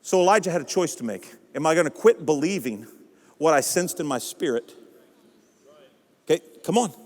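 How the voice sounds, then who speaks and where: A male pastor preaching a sermon in a church, impassioned and building up to shouts. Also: a little high, lively intonation, moderate pace, big-room sound. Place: church sanctuary.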